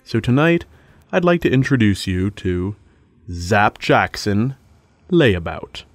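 A man's voice: lowish voice, very animated, slow, dry recording, soft background music. A man introducing a radio comedy show in a mock-grand announcer manner.

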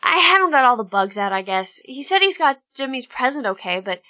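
A woman voicing a spirited young female crime-fighter in an amateur audio drama, speaking in an animated, exclamatory way. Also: high voice, fairly quick, heavily acted.

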